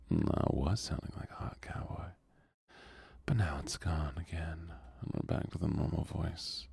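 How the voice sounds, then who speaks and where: A young man streaming a game in a soft-spoken ASMR style, answering chat in a slow, hushed way with small chuckles, close to the microphone. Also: rumbling low, fairly even intonation, gravelly, husky.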